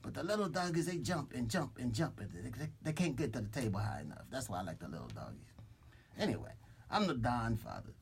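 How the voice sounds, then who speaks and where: A man's voice: mid-range voice, big pitch swings, fast talker, slight background noise. A man voicing a boastful, threatening mob boss enforcer as a comic character on a radio show, speaking into a studio microphone. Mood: swaggering. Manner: swaggering, threatening, rambling with restarts.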